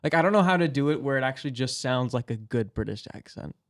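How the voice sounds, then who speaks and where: A man's voice: medium pitch, animated, fast. A man hosting a podcast who asks the guest rambling, hesitant questions, restarting and correcting himself mid-sentence. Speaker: podcast host. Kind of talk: casual interview questions.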